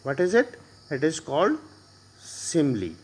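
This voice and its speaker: A man with an Indian English accent teaching a poetry lesson to a class, explaining slowly with many pauses and fillers. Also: fairly high pitch, sing-song, husky.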